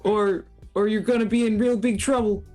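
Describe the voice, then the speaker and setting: A woman's voice: mid-range voice, steady tone, moderate pace, dark tone, soft background music, voice pushed up, close to an everyday voice. A woman voicing a stern but polite Canadian Mountie in a mock Canadian accent, with exaggerated singsong scolding. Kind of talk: joking livestream banter.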